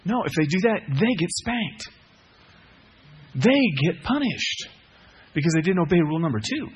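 Pastor guy preaching, goes from yelling to almost whispering, kinda husky, jokey asides. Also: sits high, moderate pace. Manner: animated preaching, swings from shouts to hushed lines; conversational asides and self-mocking humor. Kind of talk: sermon.

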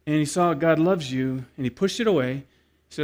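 A man delivering a sermon, his voice sitting a little high for a man. He tells a story with animated, acted-out voices for the people in it, then drops into a quiet, earnest appeal to his listeners. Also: a little fast. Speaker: pastor.

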